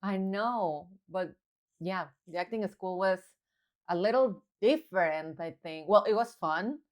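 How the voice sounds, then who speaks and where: Mexican-accented woman, thirties, podcast co-host, low-ish voice, chatty and animated. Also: measured pace. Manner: chatty, laughing, animated storytelling. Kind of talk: casual chat.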